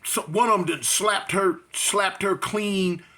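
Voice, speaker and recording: A man telling a street fight story in slangy, animated talk, acting out voices and punch sounds. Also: high voice, takes it slowly.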